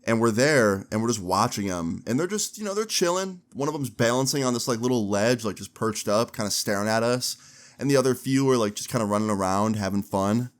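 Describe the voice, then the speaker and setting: A man in his twenties recounts a story in a casual storytime vlog. He is animated and slangy and swears freely, and his voice sits in a mid range. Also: medium pitch, brisk.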